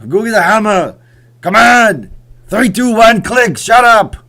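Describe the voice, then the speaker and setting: A man doing a loud, impatient impression of a male action-star strongman who yells clipped insults. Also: sits high, animated, measured pace, voice pushed up, full character voice. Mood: shouting.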